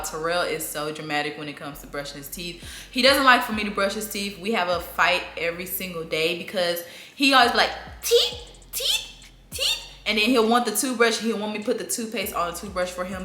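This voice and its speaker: A young woman vlogger answering viewers' parenting questions in a casual sit-down chat, laughing often and breaking into lively, high voices when she acts out talking to her toddler. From southern United States. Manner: chatty, laughs often, lively acted-out baby-talk bursts. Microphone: camera mic. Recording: echoey room, faint room noise.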